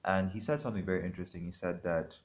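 Deep-voiced man hosting, thoughtful. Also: steady tone, rapid-fire. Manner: thoughtful, many "um"s, repeats phrases. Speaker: host. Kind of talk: reflective interview talk.

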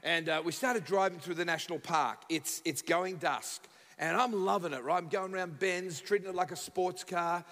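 An Australian man preaching as a guest speaker, telling funny stories and acting out the dialogue with sudden shouts. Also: high-pitched, normal speed, long reverb tail. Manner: animated, acts out dialogue, bursts into shouts. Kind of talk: humorous sermon storytelling. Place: church sanctuary.

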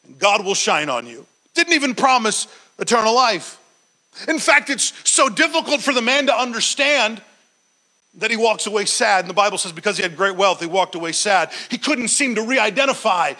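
A man preaching a sermon, retelling a Bible story with animated storytelling and acted-out quotes. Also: high voice, poor audio. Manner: occasional stumbles and restarts.

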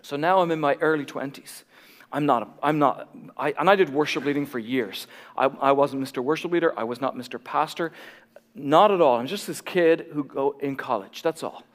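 An Irish man in his forties, a pastor telling his own story in a sermon with animated, self-deprecating humor. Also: fairly high pitch, moderate pace, in a large hall. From Ireland.

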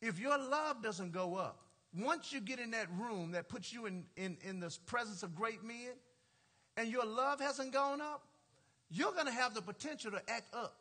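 At a moderate pace, this pastor tells stories from the pulpit in a very high voice that is bright and piercing. His lively sermon comes with frequent laughter and casual asides to the congregation, and his colloquial speech is full of "y'all" and "ain't."

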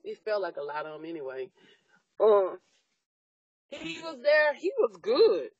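A woman's voice: medium pitch, unhurried, dry recording, dull audio. A middle-aged woman in casual chat, talking bluntly and telling stories with lots of profanity. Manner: blunt, profane, animated storytelling.

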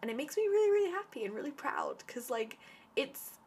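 A woman's voice: high-pitched, very animated, fairly quick, slight background noise. A young woman giving an enthusiastic, casual spoken review, chatty and full of "like" and "um". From Britain. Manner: enthusiastic, chatty, heavy use of "like" and "um". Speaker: vlogger reviewing a TV series.

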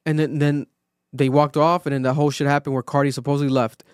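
A male podcast host in casual chat, telling a story with lively acted-out quotes and plenty of swearing. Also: a little high, fast, clear, resonant tone, no room sound, studio quality. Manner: animated storytelling, acts out quotes, swears freely.

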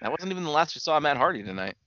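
A man's voice: fairly high pitch, sing-song, racing, bright, forceful tone, no echo, dull audio. A man co-hosting a casual wrestling podcast, laid-back and agreeable. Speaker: podcast co-host. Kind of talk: casual wrestling recap chat.

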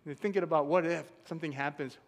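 A pastor delivers his sermon in a church, his somewhat high voice ringing through a long hall reverb. He tells stories with animated acted-out quotes and laughs often as he talks. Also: quick pace. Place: church sanctuary.

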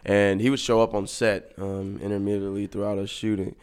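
A man, an actor, guest in a casual interview, talking in a laid-back, rambling way that often trails off quietly. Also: lowish voice, flat delivery, a little fast, clear, resonant tone.

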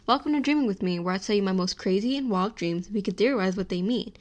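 A young woman hosting her own podcast, telling a story in a chatty, animated way, full of "like" and little laughs. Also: mid-range voice, quick pace. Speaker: podcast host. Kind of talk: casual solo podcast storytelling.

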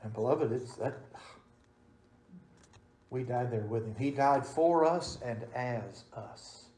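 A male pastor delivers his sermon, his middle-pitched voice surging to loud emphasis and then dropping to a hush. The sound carries the roomy echo of a church sanctuary. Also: slow. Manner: swings between loud emphatic and soft hushed delivery.

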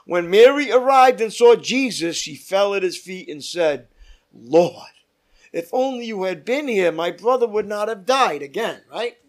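Emphatic high-voiced pastor. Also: male voice, expressive, unhurried. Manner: reads scripture aloud with emphatic rises, drops to quiet asides. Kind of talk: Bible study sermon.

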